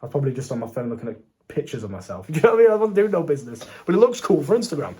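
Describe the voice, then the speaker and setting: A man's voice: fairly high pitch, sing-song, very fast, mellow. A young man giving casual, unscripted dating advice, brash and swearing, talking straight to the viewer. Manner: brash and profane, swaggering slang, talks straight to viewer. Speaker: dating coach.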